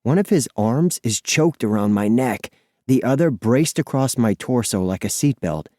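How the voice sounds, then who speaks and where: A man narrating an audiobook in the first person, expressive and lively in his storytelling. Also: mid-range voice, normal speed, no room sound, clean studio sound.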